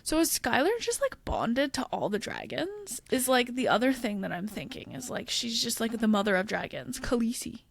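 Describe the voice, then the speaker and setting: A woman's voice: fairly high pitch, very animated, moderate pace, creaky, few pauses. A woman co-hosting a book podcast, chatting casually and animatedly, laughing often. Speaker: podcast co-host.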